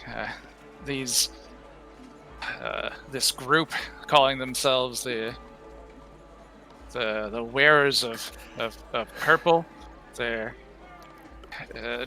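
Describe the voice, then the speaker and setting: A man voicing an elderly, gentle and worried temple priest who talks haltingly, with many restarts and sighs. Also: mid-range voice, expressive, faint music behind, full character voice. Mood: weary, grave. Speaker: game master. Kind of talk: in-character tabletop roleplay.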